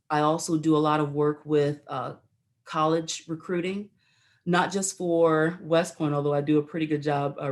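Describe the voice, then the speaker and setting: Woman, middle-aged, from the US, lowish voice, animated storyteller, talk show guest. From United States. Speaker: guest, retired Army colonel.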